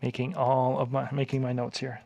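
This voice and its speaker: A man's voice: medium pitch, completely flat delivery, moderate pace, gravelly, very noisy. A man co-hosting a DJ show in casual chat, talking hesitantly with many fillers. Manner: hesitant, lots of filler words. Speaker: DJ co-host.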